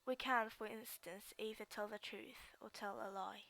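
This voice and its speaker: Flat, gravelly woman drilling phrases. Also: on the high side. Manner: halting, repeats and restarts words while drilling phrases. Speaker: student practicing English speaking. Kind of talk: reading practice sentences aloud.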